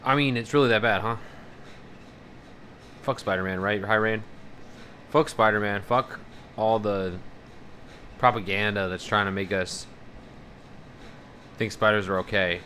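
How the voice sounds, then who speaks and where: Bright-voiced man chatting on a live stream. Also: fairly low pitch, a little slow, long pauses, a little hiss or hum. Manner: rambling, profane, animated about fears. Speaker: livestreamer. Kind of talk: casual live-stream chat, reading out viewer messages.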